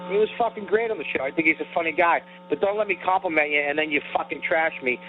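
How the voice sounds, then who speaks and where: A man's voice: on the high side, fast, slight background noise. A man co-hosting a comedy podcast, ranting in a heated, profane way about being insulted and calling himself sensitive. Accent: New York. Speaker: podcast co-host. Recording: tinny phone-like audio.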